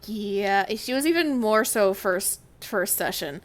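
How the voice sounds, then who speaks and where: A woman game master chatting casually with her players between tabletop scenes, candid and quick to laugh, with some swearing. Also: mid-range voice, expressive.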